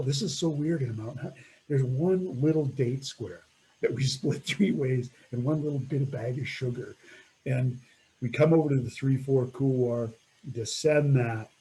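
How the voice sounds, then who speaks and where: Man, middle-aged, storyteller, reflective and laughing, dark warm tone, standard pitch. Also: slightly rough, rough recording. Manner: reflective, laughs often, trails off. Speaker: mountaineer telling a climbing story. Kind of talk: storytelling talk over slides.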